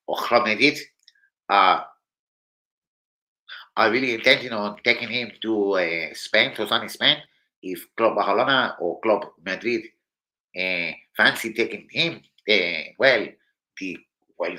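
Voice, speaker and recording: Slangy man, bright voice. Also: fairly low pitch, poor audio. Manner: slangy, swearing, rambling. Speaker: football channel host. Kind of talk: casual livestream chat.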